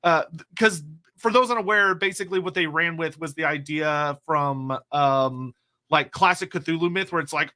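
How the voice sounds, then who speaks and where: A man's voice: on the high side, moderate pace, sharp tone. A man hosting a casual stream, reading out viewer questions in a loose, rambling way with casual swearing. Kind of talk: casual livestream chat.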